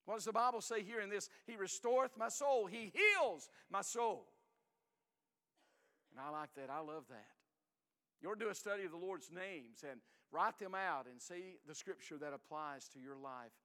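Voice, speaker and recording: An older man preaching a sermon in a folksy, emphatic way, swinging between loud and hushed. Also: fairly high pitch, animated, a little fast, clean tone, long reverb tail.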